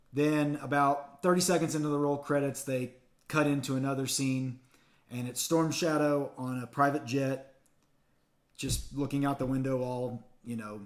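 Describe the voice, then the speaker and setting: A man reviewing a movie in a casual spoken recap, retelling the plot in an excited, chatty way with quick restarts. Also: mid-range voice.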